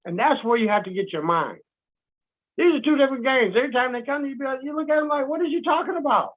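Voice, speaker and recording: A man teaching in casual talk, animated, acting out quotes and laughing at his own jokes. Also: extremely high pitch, fast talker. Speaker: guest speaker. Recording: dull lo-fi sound.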